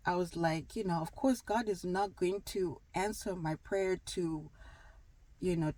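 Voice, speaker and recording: A woman's voice: on the low side, a little mellow, no echo, poor audio. Rambling woman sharing faith thoughts. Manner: rambling, many fillers, acts out little dialogues. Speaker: wellness vlogger. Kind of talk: casual faith talk to camera.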